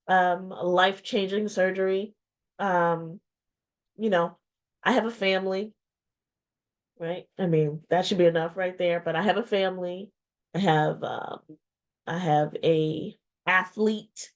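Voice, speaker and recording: A woman in her forties, a small business owner, talks candidly into a webcam. She is reflective and heartfelt, pausing often and repeating phrases. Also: medium pitch, clean tone. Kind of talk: candid personal vlog talk. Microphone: webcam or video-call mic.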